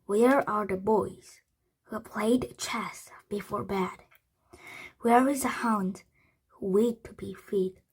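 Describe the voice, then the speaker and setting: A woman voicing a frail, fearful old village woman in a storybook, with a feeble, cracked voice and slow delivery. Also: mid-range voice, husky, heavily acted. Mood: eerie.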